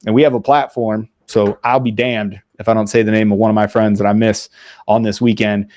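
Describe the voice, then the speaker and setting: A man's voice: fairly low pitch, little pitch movement, fairly quick, darkish tone. A man hosting a podcast, telling stories in a blunt, profane, casual way. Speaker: podcast host. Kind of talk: casual veterans' podcast talk.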